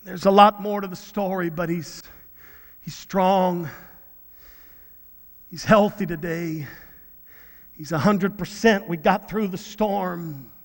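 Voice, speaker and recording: A man's voice: sits high, slow, long pauses, big-room sound. A man preaching a sermon, telling a personal story earnestly, often repeating and restarting his words. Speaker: pastor.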